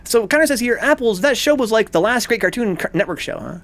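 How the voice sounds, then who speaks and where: A man streaming a video game, talking casually with animated, profane, rambling rants. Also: high-pitched, quick pace. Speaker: gaming streamer. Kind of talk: casual let's-play commentary.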